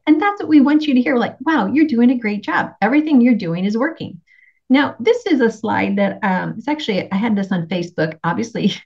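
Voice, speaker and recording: A woman's voice: mid-range voice, a little mellow, husky. A middle-aged woman giving a casual health talk with slides, telling her story in a chatty way, laughing often and acting out quotes. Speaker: nutritionist presenter. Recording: slightly dull lo-fi sound.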